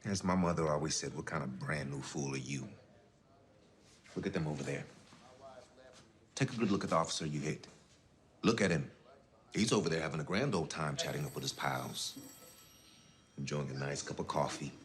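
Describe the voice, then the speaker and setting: A very deep-voiced stern scold. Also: male voice. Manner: measured, cutting, disapproving. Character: dignified grown man sternly scolding a cellmate. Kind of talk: film drama dialogue.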